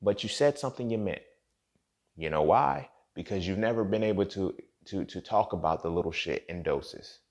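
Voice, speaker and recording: A man's voice: low voice, animated, normal speed, darkish tone. A young man hosting a podcast, talking in a blunt, profane, casual monologue straight to his listeners. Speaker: podcast host.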